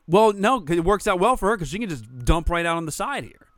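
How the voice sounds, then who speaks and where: A man, chatting as a podcast co-host, telling animated stories, swearing freely and acting out what people said. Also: high voice, fast talker, dry recording. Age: 40s. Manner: animated storyteller, swears freely, acts out quotes. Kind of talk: casual chat.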